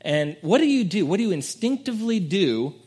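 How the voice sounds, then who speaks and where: A man preaching a sermon in a casual, conversational way, swinging between soft reflective passages and loud emphatic peaks. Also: big pitch swings, fairly quick, slightly rough. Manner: conversational preaching, dramatic swings in pitch and volume. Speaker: pastor.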